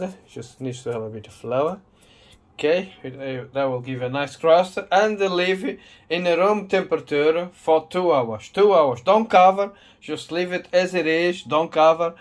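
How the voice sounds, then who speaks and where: A man hosting a casual home cooking video, talking enthusiastically and often adding a questioning "eh?". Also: fairly high pitch. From Madeira, Portugal. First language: Portuguese. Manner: enthusiastic, repeats tag question "eh?".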